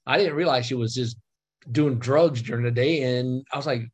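Animated man telling a story on a video call. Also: mid-range voice, moderate pace, breathy edge. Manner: animated, acts out quoted dialogue, laughs often. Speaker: guest telling a personal story.

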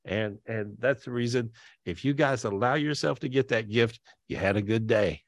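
A man's voice: mid-range voice, normal speed, no room sound. Brief: emotional male podcast host on a video call, teary, rambling, dry close sound. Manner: rambling, repeats himself, emotional.

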